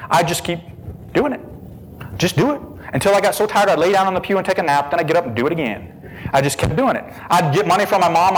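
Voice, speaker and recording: A man recounting a personal testimony with strong feeling. His voice sits a bit high and swings widely in pitch, dropping hushed and slow in quiet moments and rising fast and loud when excited. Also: big-room sound, slight background noise, poor audio. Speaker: speaker giving testimony.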